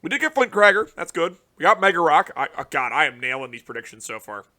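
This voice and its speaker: A young man giving casual, profane reaction commentary on a card game release, ranting in exasperation with sudden loud outbursts. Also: on the high side, sing-song, fast. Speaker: card game content creator.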